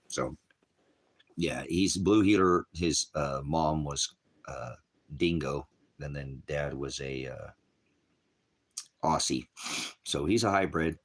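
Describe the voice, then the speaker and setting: A man with a cough rambling in casual livestream chat from a small cabin, often talking sweetly to his dog. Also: very deep voice. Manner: rambling, talks baby-talk to his dog. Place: small hot cabin, off-grid farm.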